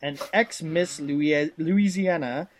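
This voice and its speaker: A man's voice: on the high side, slow pace, a little hiss or hum. A man reading a retro game booklet aloud in a put-on Cajun accent, playing an overblown male announcer. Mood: hammy, drawling. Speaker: podcast co-host.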